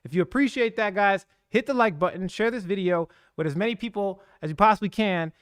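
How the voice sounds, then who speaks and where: A man hosting a casual crypto livestream, talking in an energetic, slangy, hyped-up way. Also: high voice, fairly quick, smooth, no room sound, studio quality. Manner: energetic, slangy, hype-driven.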